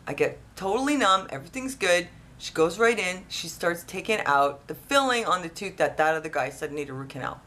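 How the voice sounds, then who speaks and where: A woman casually telling a personal story, rambling and animated with lots of restarts. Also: lowish voice, brisk, hardly any pauses. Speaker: vlogger.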